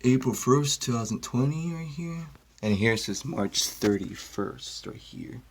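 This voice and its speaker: A man's voice: medium pitch, animated, measured pace, slight background noise. A man filming on his phone and commenting casually in a hurry, muttering to himself. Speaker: toilet video maker. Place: indoor bathroom. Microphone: phone held in hand.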